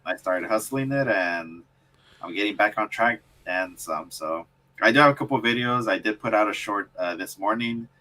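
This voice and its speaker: A man who makes reselling videos, chatting in a relaxed, offhand way about what is coming to his channel. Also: lowish voice, normal speed, rough recording. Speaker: reselling youtuber and co-host. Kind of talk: casual chat.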